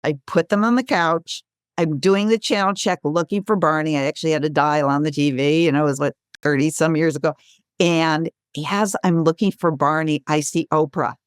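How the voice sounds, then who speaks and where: A woman in her sixties, a guest author, telling a lively story in a podcast interview and acting out the quotes. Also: low voice, normal speed, clean tone, dry recording, studio quality. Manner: lively, animated storyteller who acts out quotes.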